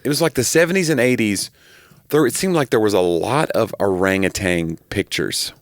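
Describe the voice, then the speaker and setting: A man's voice: lowish voice, normal speed, no room sound, clean studio sound. A man co-hosting a podcast, rambling through stories in casual chat with a self-deprecating streak. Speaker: podcast co-host.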